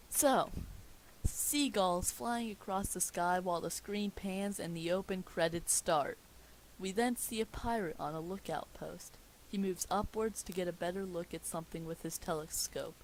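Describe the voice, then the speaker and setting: A woman's voice: on the low side, slight background noise, poor audio. A woman reading a script aloud at home, joking at her own expense in a casual, sarcastic way. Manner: sarcastic, self-mocking asides. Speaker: script reader.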